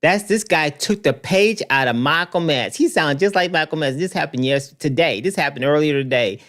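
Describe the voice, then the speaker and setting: A man's voice: on the high side, moderate pace. A man hosting a casual commentary show, reacting to news clips and talking straight to his viewers, often repeating himself. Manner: animated, repeats himself, talks to viewers directly.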